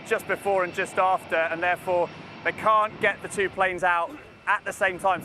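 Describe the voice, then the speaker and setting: Eager guy doing a live news report, pretty high voice, noisy airfield behind. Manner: enthusiastic, excited. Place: outdoors at a busy airfield. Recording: noisy outdoor live feed. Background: traffic noise.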